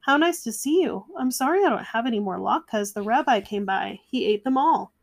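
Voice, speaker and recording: A woman voicing a kindly, half-deaf grandmother of ninety-seven in a storybook read-aloud, warm and chatty. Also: fairly high pitch, expressive, normal speed, creaky. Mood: fond.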